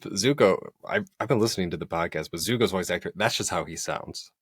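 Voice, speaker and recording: A fairly low-voiced man co-hosts a podcast in casual chat. He talks animatedly and slips into voices to act out what others said. The recording is dry. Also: fairly quick, husky, no echo. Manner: animated, quotes people in put-on voices, laughs. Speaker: podcast co-host.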